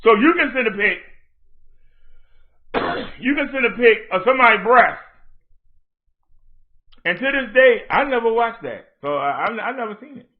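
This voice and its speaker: A man's voice: extremely high pitch, lively intonation, normal speed, pauses often. A man hosting his own livestream in a heated rant, confronting someone by reading out her messages and answering them. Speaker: livestream host. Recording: tinny phone-like audio.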